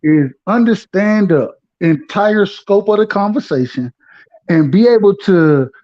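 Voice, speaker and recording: Guy with a high voice, casual slangy talk, a bit muffled lo-fi sound. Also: lively intonation, measured pace, a little mellow. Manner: loose, streetwise slang, frequent restarts. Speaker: regular guest. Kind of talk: casual live-stream chat. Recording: dull lo-fi audio.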